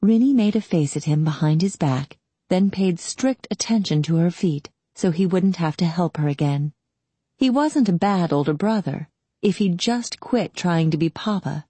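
A woman narrating an audiobook in a calm, steady storytelling manner. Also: on the low side, normal speed, breathy edge, dry recording. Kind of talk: scripted narration.

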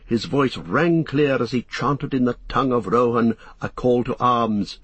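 A man narrating a fantasy novel as an audiobook, in steady, measured storytelling. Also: mid-range voice, breathy edge, no echo.

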